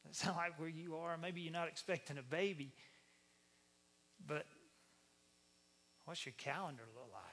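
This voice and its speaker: Southern pastor, lively storytelling sermon, high, bright voice. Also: male voice, moderate pace, creaky, pauses often, a little hiss or hum. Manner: animated, conversational storytelling.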